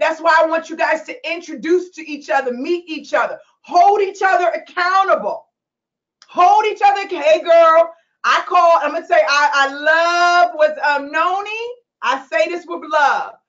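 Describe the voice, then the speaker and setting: A woman's voice: high voice, a bit bright, muffled recording. A woman coaching recruitment business owners, talking passionately and emotionally on a recorded call. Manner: passionate, preachy, laughs and tears up. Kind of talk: emotional motivational call replay.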